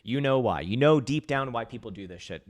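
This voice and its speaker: A man's voice: mid-range voice, animated, fairly quick, no echo. A man hosting a crypto trading livestream. He answers viewer questions bluntly, swears freely, mocks people, and laughs often. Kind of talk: live-stream commentary reading viewer questions.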